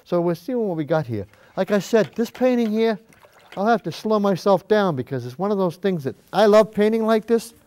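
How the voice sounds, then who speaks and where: A man's voice: high voice, animated, normal speed, darkish tone, clear, resonant tone. Chatty older man teaching painting. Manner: chatty, folksy, rambling asides while painting; moves away from the mic to step back and view the canvas. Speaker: painting show host. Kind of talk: casual painting demonstration. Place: high school cable TV studio.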